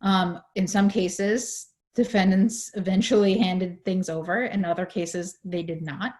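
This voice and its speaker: A woman on a video call explaining a legal case in a panel talk, measured, with many fillers, her voice going hoarse. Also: on the low side, fairly even intonation, darkish tone. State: losing her voice. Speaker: legal advocate in a panel discussion.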